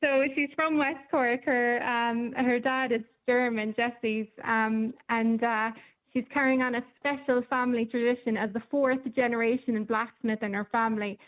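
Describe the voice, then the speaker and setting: A woman's voice: on the high side, fairly even intonation, moderate pace. Woman chatting down a phone line. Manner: chatty storyteller with many ums. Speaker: newspaper reporter. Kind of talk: casual radio chat.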